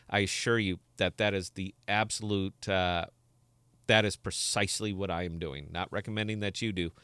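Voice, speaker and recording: A man's voice: low voice, bright, forceful tone, clear, resonant tone, dry recording. A man in his forties hosting a casual livestream podcast, rambling and joking about himself as he chats. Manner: rambling, joking and self-mocking. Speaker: podcast host.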